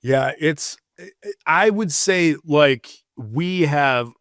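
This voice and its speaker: A man with a fairly high voice, co-hosting a casual podcast. He talks in a wry, halting way, full of restarts. He sounds close and dry. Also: lively intonation, a bit bright, no echo. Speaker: podcast co-host. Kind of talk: casual chat.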